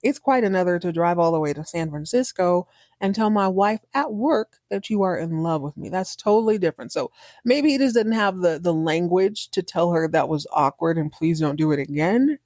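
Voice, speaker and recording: A woman's voice: on the low side, animated, moderate pace, darkish tone, no echo, studio quality. A woman hosting a podcast, giving a casual, candid and slangy recap of a TV episode. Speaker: podcast host.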